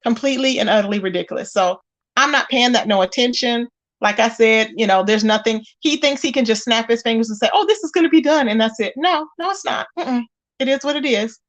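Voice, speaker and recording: A woman's voice: on the high side, a little fast. A woman hosting a casual gossip livestream. She talks emphatically and greets her viewers by name as she chats. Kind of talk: casual live-stream chat.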